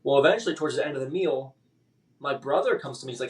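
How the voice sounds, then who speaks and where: A man telling his personal story as a podcast guest, halting and emotional, with many restarts and fillers. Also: mid-range voice, far from the mic.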